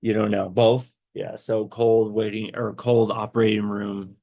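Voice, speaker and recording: A man's voice: on the low side, flat delivery, unhurried, gravelly, no room sound, highs cut off. A man hosting a podcast, telling a personal story in a rambling way with many fillers and restarts, tearful and choked up. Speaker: podcast host.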